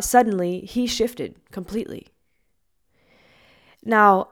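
A woman speaks in a gentle, earnest way, teaching about patterns of the mind like a meditation guide. Her pitch sits in the middle of the usual range for a woman. She talks reflectively, with a calm, steady warmth of intent. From Hawaii. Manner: gentle and earnest, with lively acted quotes. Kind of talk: reflective spiritual talk.

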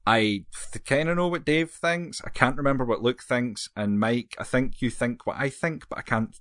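A man's voice: medium pitch, normal speed, a bit bright, no room sound, clean studio sound. A man, co-hosting a casual chat and rambling through his opinions, often correcting himself. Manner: rambling, self-correcting, jokey. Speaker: podcast co-host.

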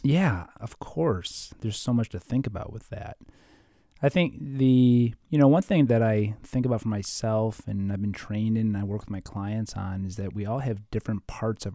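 Mellow low-voiced male therapist. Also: dry recording, clean studio sound. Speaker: therapist and podcast co-host. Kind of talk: casual podcast chat.

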